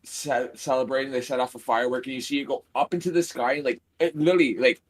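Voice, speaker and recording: A man's voice: mid-range voice, steady tone, fast talker. A man co-hosting a gaming stream in casual chat, telling stories laid-back and swearing casually with a dry tease.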